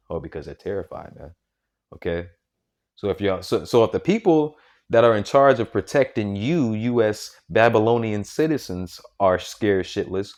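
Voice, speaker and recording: A man preaching informally and reading scripture, emphatic and repetitive, tagging lines with "man" and "okay?". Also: fairly low pitch. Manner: repetitive, restarts sentences often.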